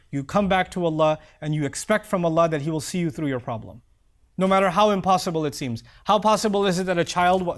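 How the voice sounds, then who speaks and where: A middle-aged man giving an earnest, heartfelt sermon, reciting Arabic verses quickly and dropping to soft low tones. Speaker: preacher.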